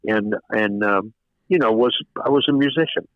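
Older man, deep dry lo-fi voice. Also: moderate pace, no echo. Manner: rambling, many fillers and restarts. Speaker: record producer guest. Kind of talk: casual interview storytelling. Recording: dull lo-fi radio sound.

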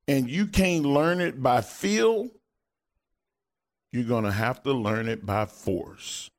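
A man's voice: mid-range voice, darkish tone. A middle-aged man, a former wrestler co-hosting a podcast, talking in a fired-up, blunt, profane way. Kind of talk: casual chat.

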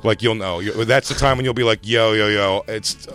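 A man's voice: on the low side, fairly even intonation, a bit bright, soft background music. A man co-hosting a comedy talk show, chatting casually and frankly in a rambling way with lots of fillers, recorded in a radio studio. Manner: rambling, fast, frank storytelling with many fillers. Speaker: podcast co-host, comedian. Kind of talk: casual chat. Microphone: studio microphone.

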